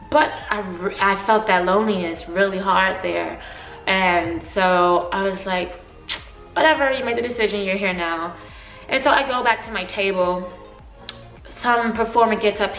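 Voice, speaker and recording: A woman in her twenties telling a story for her vlog, animated and emotional, often laughing. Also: mid-range voice, roomy sound, poor audio. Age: 20s.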